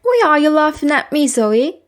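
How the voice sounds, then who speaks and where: A sick little boy, plaintive and a bit whiny but eager, as a woman reader voices him. Spoken high and slowly in a simple children's read-aloud. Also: darkish tone.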